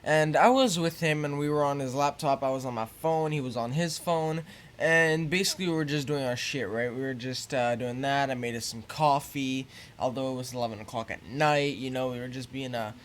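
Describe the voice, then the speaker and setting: A teenage boy telling a story to his viewers in a rambling, casual way, full of fillers and swearing, getting louder when annoyed. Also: medium pitch, steady tone, brisk, slight background noise. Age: teens. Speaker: YouTuber.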